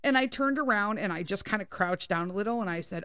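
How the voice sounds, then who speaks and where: Woman podcast host, casual storytelling, swears a lot, animated, dry close mic. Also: mid-range voice, fast talker, clear, resonant tone, no echo. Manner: profane, animated, laughing.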